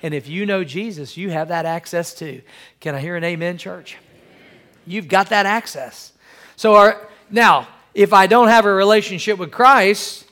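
High-pitched guy preaching a sermon, asks the church for amens, repeats lines for punch. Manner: addresses congregation directly, calls for amens; repeats phrases for emphasis, varies loudness. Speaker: pastor.

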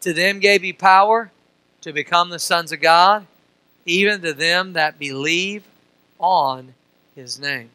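A middle-aged man from Missouri preaching a sermon as pastor. He uses call-and-response questions and swings from soft to loud. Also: high voice, takes it slowly, clear, resonant tone, no echo, rough recording.

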